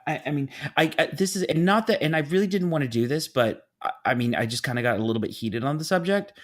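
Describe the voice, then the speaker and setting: A man's voice: fairly high pitch, quick pace. A man hosting a casual podcast, telling stories with dramatic asides and acted-out voices. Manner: animated storyteller, acts out voices, dramatic asides. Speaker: podcast host, event business owner.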